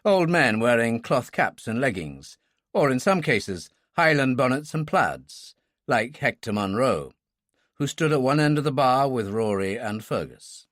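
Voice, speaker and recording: A male audiobook narrator reading a thriller in an expressive way, his pitch moving a lot through each sentence. The recording is dry and close, with no room sound. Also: measured pace, dry recording. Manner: expressive, voices many characters.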